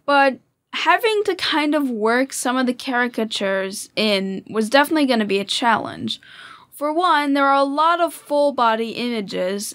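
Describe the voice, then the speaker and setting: A woman's voice: on the high side, vocal fry, fairly bright tone. A woman co-hosting a podcast, chatting casually and hesitantly, with many fillers. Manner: hesitant, with frequent fillers and restarts. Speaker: podcast co-host. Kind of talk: casual chat.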